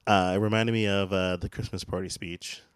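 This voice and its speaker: Low-voiced man, hesitant casual chat. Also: steady tone, normal speed, smooth, dry recording, clean studio sound. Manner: hesitant, trails off, fillers and restarts. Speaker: podcast co-host. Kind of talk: casual TV episode recap chat.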